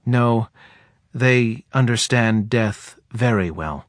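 A man voicing a soft-spoken male forest being who talks in a quiet, hesitant, almost drowsy way. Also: medium pitch, slow, dry recording, studio quality, close to an everyday voice. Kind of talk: audiobook character voice.

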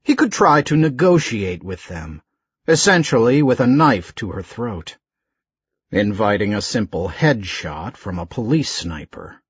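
A man narrating an audiobook in a slow, measured, expressive reading. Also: fairly low pitch, husky, no echo, lo-fi sound.

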